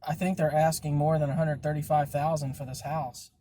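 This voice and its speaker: A man's voice: a little high, little pitch movement, brisk. A man chatting casually from inside a moving car as podcast host, grumbling and swearing a lot. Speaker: podcast host, delivery driver. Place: inside a car while driving. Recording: loud car road noise. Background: car engine and road noise.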